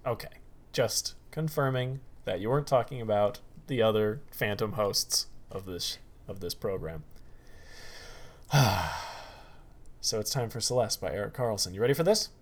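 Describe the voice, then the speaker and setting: A man's voice: fairly low pitch, normal speed. A man co-hosting a show, bantering casually and wryly before introducing the next story. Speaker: podcast co-host.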